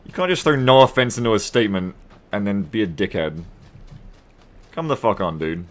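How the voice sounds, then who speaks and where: An Australian man live-streaming a game, bantering with his viewers in a profane, sarcastic and animated way. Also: on the low side, normal speed.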